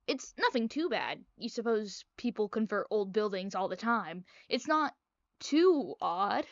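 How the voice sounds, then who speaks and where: A woman's voice: fairly high pitch, no room sound, lo-fi sound. A young woman reading a visual novel aloud, with playful, chatty, self-mocking asides. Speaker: gaming video creator.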